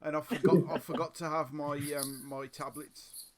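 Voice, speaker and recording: A man's voice: a little high, fairly even intonation, moderate pace, a crowd in the background. A man hosting a casual live stream chat, coughing with a sore throat and stumbling over restarts. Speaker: podcast host.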